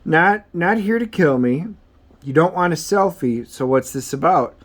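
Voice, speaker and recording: A man's voice: fairly high pitch, lively intonation, unhurried. A man voicing a weary, wry retired superhero while reading comic dialogue aloud in a casual, offhand way.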